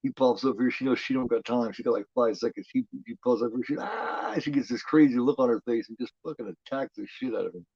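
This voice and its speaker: Casual male horror watch-along host, swears a lot and rambles excitably, mid-pitched voice, dry lo-fi sound. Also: fast, few pauses, slightly rough, no echo. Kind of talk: casual live movie commentary. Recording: dull lo-fi home recording.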